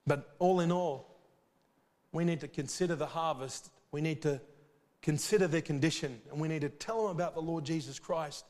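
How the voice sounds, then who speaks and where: A man preaching a sermon, earnest and urgent, with sudden loud swells and soft drops. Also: fairly high pitch, normal speed, long reverb tail.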